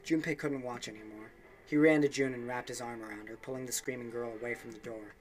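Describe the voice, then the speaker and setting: A man's voice: mid-range voice, fairly even intonation, fast. A young man reading a game's story text aloud for a let's play, with offhand asides and small slips.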